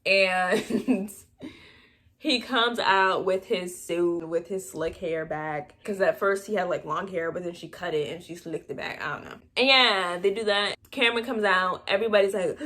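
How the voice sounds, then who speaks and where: A woman's voice: fairly low pitch, measured pace, fairly bright tone. A young woman casually recapping a movie for her channel, full of sarcastic, laughing asides. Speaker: movie review vlogger.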